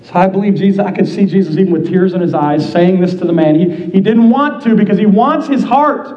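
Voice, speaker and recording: A pastor delivering a fervent sermon, acting out the scripture with rising passion. His voice sits high, with a slightly dull, lo-fi tone. The echo of a roomy church sanctuary surrounds him. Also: brisk. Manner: impassioned preaching, voicing the scripture dramatically.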